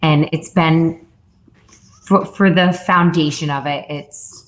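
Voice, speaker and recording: Woman, 30s, low voice, podcast guest, casual and filler-heavy. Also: steady tone, takes it slowly. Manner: chatty, many "like" fillers and restarts. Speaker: podcast guest, wellness founder. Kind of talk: casual interview chat.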